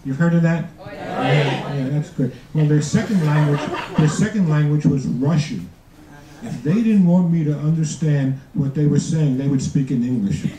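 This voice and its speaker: A man in his seventies performing a stand-up comedy routine with dry, self-deprecating jokes and a halting delivery full of restarts, to a live audience. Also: a little high, a crowd in the background. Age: 70s. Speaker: student comedian. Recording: echoey room from far off, noisy. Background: audience laughter and room noise.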